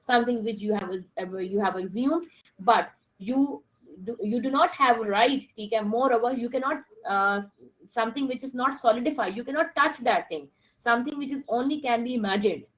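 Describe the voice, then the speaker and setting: A woman's voice: fairly high pitch, a little fast, rough recording. A woman teaching an online class, mixing with Hindi-Urdu phrases and speaking as she addresses her students directly. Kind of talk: online English lesson.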